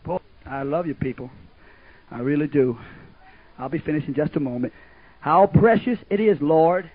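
A man preaching a sermon, swinging from loud fervor to hushed asides and chuckles. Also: a little high, moderate pace, husky. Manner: fervent preaching, swings from shouts to hushed asides, laughs often. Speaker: pastor. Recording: muffled old tape recording.

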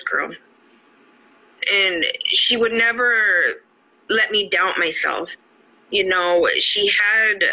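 A woman's voice: medium pitch, bright, forceful tone, poor audio. A middle-aged woman, an adult student, tells her personal story in an earnest, heartfelt way, often saying "you know". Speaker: adult student award winner. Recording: music playing underneath the voice. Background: music.

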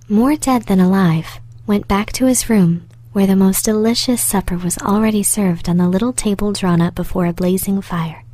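Soft-spoken woman reading a fairy tale. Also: mid-range voice, no echo. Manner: very soft, partly whispered. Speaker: storyteller. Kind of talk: soft storybook narration.

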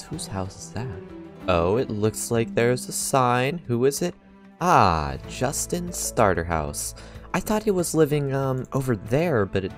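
Excitable man narrating his gameplay. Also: fairly low pitch. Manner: excitable, gasps and laughs often, talks to viewers. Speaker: let's play host. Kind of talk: casual gaming commentary.

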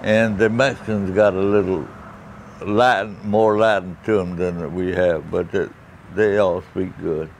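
A man's voice: low-pitched, steady tone, unhurried, slight background noise. A man talking in a folksy way with many fillers. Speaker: interviewee. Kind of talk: casual conversation.

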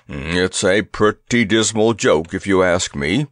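A man voicing a haughty male elephant who grumbles morosely and sarcastically in a slow, low voice. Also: no echo, clean studio sound. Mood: grumbling.

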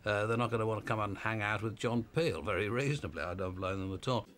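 A man's voice: lowish voice, fast, crowd noise. A man in his fifties, a radio DJ, talking in a wry, self-deprecating and rambling way in an archive interview. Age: 50s.

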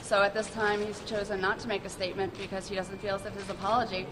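A woman speaking as defense lawyer, calmly explaining her client's position to press. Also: medium pitch, quick pace, crowd noise. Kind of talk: press statement. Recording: noisy background.

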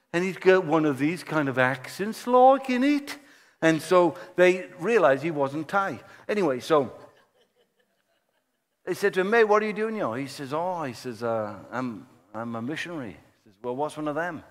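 A man preaching a sermon, telling a story in a lively way and acting out the people he quotes. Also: mid-range voice. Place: church hall. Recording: long church-hall reverb.

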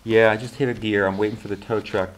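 A man's voice: lowish voice, fairly even intonation, fast, a little hiss or hum, natural voice. A man reading the lines of a shaken middle-aged woman who has just been in a car accident, in his own plain voice.

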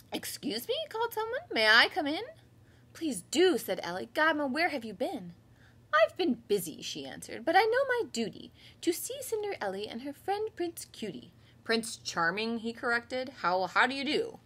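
A woman in her thirties, a kindergarten teacher, reading a picture book aloud to children with lively voiced storytelling, then leading a home class. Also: a little high, slightly rough.

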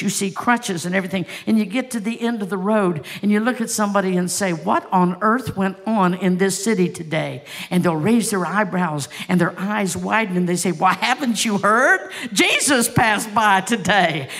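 A woman's voice: mid-range voice, fairly bright tone. A woman pastor preaching a sermon, telling stories with passion and asking the congregation rhetorical questions.

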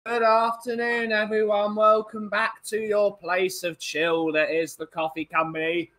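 A man's voice: high voice, flat delivery, measured pace, hardly any pauses, low-quality recording. A tired man, hosting a casual livestream and chatting as he reads out viewers' greetings. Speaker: livestream host.

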